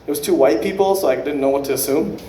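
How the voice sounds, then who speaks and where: A man doing an unrehearsed stand-up set, rambling and profane, with quick self-correcting asides. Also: fairly high pitch, dark tone, reverberant, a little hiss or hum. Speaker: stand-up comedian.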